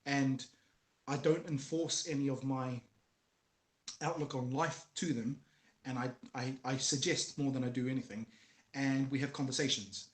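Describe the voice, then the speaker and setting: A man in an echoey room, talking in an earnest, storytelling way about raising his kids. His voice sits at an ordinary middle pitch. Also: fairly even intonation, normal speed. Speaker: guest. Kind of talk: casual conversation about fatherhood.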